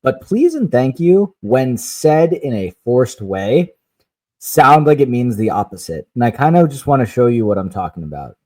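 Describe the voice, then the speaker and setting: Podcast dad, warm dark voice, kinda halting, restarts a lot. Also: male voice, mid-range voice, sing-song. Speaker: podcast co-host. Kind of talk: casual chat.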